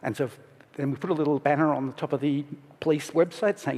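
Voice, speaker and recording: At a conference, a middle-aged man speaks quickly, relaxed and candid, often breaking off mid-sentence and growing emotional at moments. His voice runs a little high with a slight huskiness. The stage mic picks up a long hall reverb.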